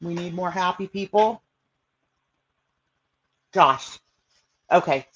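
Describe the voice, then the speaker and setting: This livestream host is a woman with a low voice who talks slowly and stops often, chatting casually with her audience and reacting to what viewers say. She rambles, loops back, and leans heavily on fillers, all over dull, lo-fi audio.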